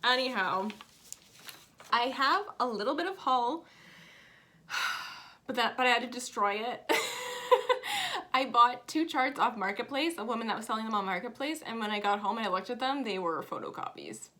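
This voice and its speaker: Woman, 30s, home crafting vlogger; emotional, rambling storyteller with an animated, high-ish voice. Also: normal speed. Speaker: flosstube vlogger. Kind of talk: casual chat.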